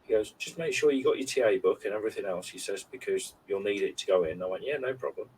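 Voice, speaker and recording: Speaking quickly and with animation, a British podcast co-host in his forties uses a lowish, darkish voice. It's casual chat: he tells rambling, heartfelt stories with plenty of fillers. The recording has a slightly distant mic and faint background noise.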